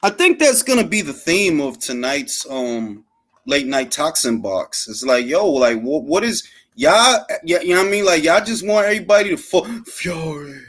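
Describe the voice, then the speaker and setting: A man's voice: fairly high pitch, normal speed. A man hosting a late-night boxing talk show, rambling casually with lots of slang and swearing. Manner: animated, rambling and profane, full of fillers and slang. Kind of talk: casual unscripted commentary.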